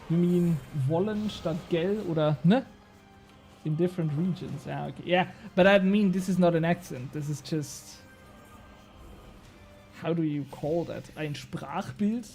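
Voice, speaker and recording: A man's voice: on the high side, measured pace, pauses often, warm tone, soft background music. A young man streaming a game, chatting casually and bantering with his chat, swearing now and then.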